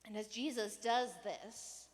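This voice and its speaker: A woman pastor preaches in a chatty, animated way, sometimes breaking into a raised voice to act out a rant. Her voice sits a little high. The long reverb of a church hall rings around her. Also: takes it slowly. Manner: conversational, animated, acts out rants with raised voice. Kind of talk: sermon.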